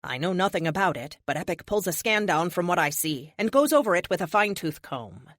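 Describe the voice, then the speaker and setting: A woman's voice: lowish voice, very animated, fairly quick, few pauses, fairly bright tone, dry recording, studio quality. A woman narrating a first-person audiobook in a wry, spirited voice.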